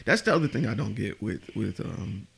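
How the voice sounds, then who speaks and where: A man's voice: fairly low pitch, brisk, vocal fry, slightly rough. A man hosting a casual conversation, telling a workplace story and acting out what people said. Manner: animated storyteller, acts out quotes. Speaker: host. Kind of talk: casual chat.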